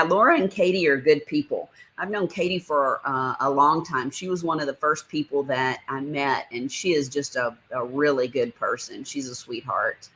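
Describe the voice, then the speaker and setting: A woman's voice: sits low, a bit bright. A woman hosting a casual livestream, chatty and often laughing as she reads out viewer comments. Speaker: livestream host. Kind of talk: casual live chat.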